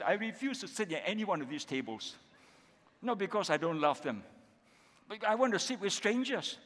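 A man's voice: a little high, fairly bright tone, big-room sound. A man with a Malaysian accent preaching a sermon as pastor, emphatic and repetitive, often tagging his points with "isn't it?" and "okay?". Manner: emphatic, repetitive, with frequent tag questions.

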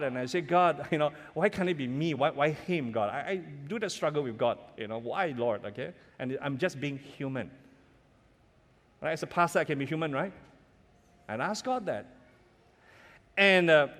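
A man's voice: on the high side, a bit bright. A middle-aged man, preaching a sermon as pastor, telling stories earnestly and building to emphatic peaks. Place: church sanctuary. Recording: reverberant church hall.

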